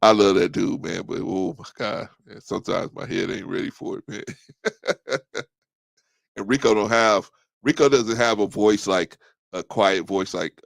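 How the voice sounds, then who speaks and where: A man hosts a talk stream in a loose, casual monologue. His voice sits low and has a gravelly fry, and it sounds dry and close to the mic. He talks in an animated way, laughs often and circles back over his own words. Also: measured pace, no echo. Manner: animated, laughs a lot, repeats himself.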